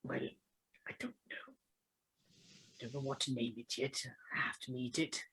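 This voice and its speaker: Man playing a halting, earnest drunk cleric. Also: medium pitch, bright, forceful tone, husky, rough recording. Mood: grateful. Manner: hesitant, halting, sincere. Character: drunk earnest young male cleric, devout and fussy.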